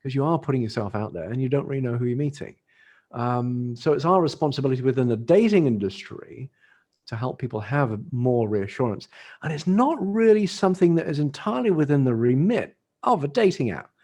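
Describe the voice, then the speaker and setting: A man's voice: mid-range voice, lively intonation, fairly quick, a little mellow. A middle-aged man with an English accent, a dating industry expert talking casually as a podcast guest, laughing often and restarting phrases. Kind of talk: casual interview talk.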